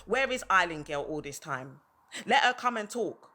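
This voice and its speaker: A woman's voice: fairly low pitch, big pitch swings, normal speed, bright, forceful tone. A woman ranting on a livestream, heated and repetitive, hammering her points over and over. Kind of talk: livestream rant.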